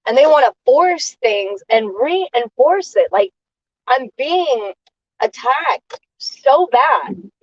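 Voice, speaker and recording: A woman vlogging a casual monologue, airing grievances in an indignant rant that stops and restarts in halting pauses. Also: sits high, animated, no room sound, highs cut off.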